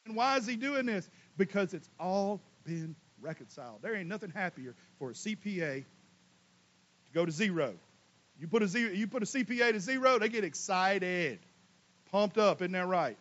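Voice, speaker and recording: High-voiced preacher. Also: male voice, moderate pace, highs cut off. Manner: animated preaching, swings from loud emphatic to quiet asides; folksy, casual Southern US speech. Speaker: pastor. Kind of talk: sermon.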